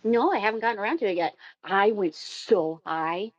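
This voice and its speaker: A woman's voice: medium pitch, normal speed, no room sound. A woman playing a tabletop game in a playful way, recorded with a dull lo-fi sound. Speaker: player. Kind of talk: casual tabletop play.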